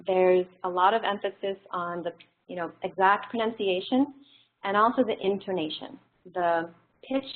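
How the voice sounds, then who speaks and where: A woman teaching a classroom lesson in a relaxed, explanatory way, pausing on frequent fillers. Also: mid-range voice. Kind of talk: classroom lecture. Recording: tinny phone-like audio.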